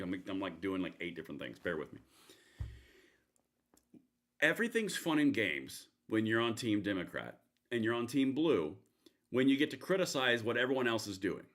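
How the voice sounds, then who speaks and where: A man's voice: on the low side, a bit bright. A man hosting a live political commentary stream, talking in a rambling, sarcastic way with many restarts. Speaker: livestream host.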